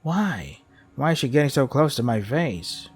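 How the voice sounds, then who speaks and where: A man's voice: medium pitch, very animated, measured pace, slightly rough, soft background music. A man reading a visual novel aloud, with wry asides that include swearing. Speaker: game streamer.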